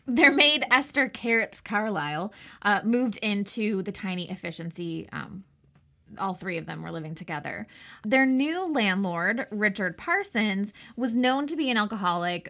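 Woman history podcast host, bright clear tone, tells the story with lots of side comments. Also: mid-range voice, lively intonation, a little slow. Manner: chatty, asides and fillers while narrating. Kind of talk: scripted history narration with chat.

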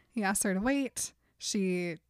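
A woman co-hosting a casual podcast, retelling a book's scenes with frequent laughter and quick put-on character lines. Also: mid-range voice, darkish tone, no echo, studio quality. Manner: giggly, acts out character lines in quick voices. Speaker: podcast co-host retelling a book. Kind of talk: casual chat, animated retelling.

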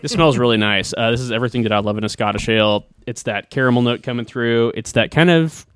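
Fast-talking, swearing podcast host. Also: male voice, mid-range voice, a bit bright, clean tone, dry recording, clean studio sound. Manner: fast, joking, swears freely. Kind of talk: casual chat.

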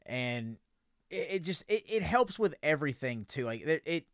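A podcast host chats casually, loose and joking, with plenty of profanity. His voice is on the high side with big pitch swings at normal speed, slightly bright, in a clean studio with no room sound.

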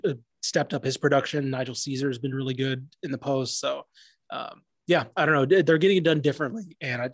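A man co-hosting a sports podcast, giving loose, relaxed analysis in casual chat with lots of fillers. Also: mid-range voice, no room sound. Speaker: podcast co-host.

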